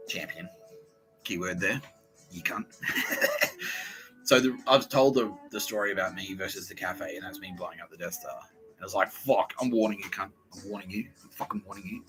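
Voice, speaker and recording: Profane, bright-voiced Australian man ranting. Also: sits low, low-quality recording. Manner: profane, heated storytelling with acted-out quotes. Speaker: podcast host. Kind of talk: rambling casual monologue.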